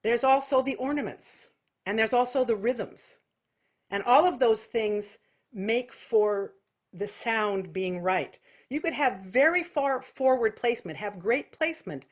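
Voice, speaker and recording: An American woman teaching an online singing lesson, explaining technique and breaking into loud nasal vocal exercises. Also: on the high side, expressive, measured pace. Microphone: video call.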